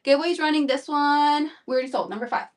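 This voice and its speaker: A woman's voice: high-pitched, fairly even intonation, quick pace, far from the mic. A woman selling clothes on a live stream, chatting and rambling with fillers and repeats, a little out of breath. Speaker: live shopping seller. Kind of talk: live-stream sales chat.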